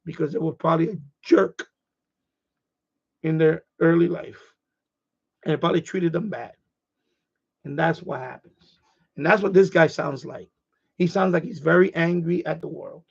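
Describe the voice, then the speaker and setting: A man's voice: on the high side, moderate pace, gravelly, long pauses, slightly rough, lo-fi sound. A man hosting a casual ham radio live stream, rambling and repeating himself as he gets heated.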